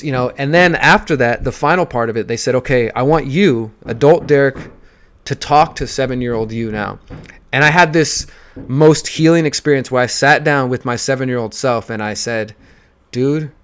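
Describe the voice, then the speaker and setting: A man's voice: mid-range voice, moderate pace, fairly bright tone, clear, resonant tone. A man in his thirties, a podcast host, candidly telling a personal story in an emotional, profane monologue.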